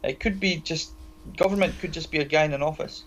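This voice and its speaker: A man's voice: fairly high pitch, fast talker, a bit bright, low-quality recording. A man with a Scottish accent co-hosting a podcast, talking loosely and swearing a lot. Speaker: podcast co-host. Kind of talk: casual profane chat.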